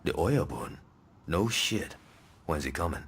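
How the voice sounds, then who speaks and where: A man's voice: deep voice, sing-song, unhurried, slightly rough, full character voice. A man voicing a cocky, foul-mouthed gang lieutenant in a video game. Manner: swaggering, profane. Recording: game audio with noise.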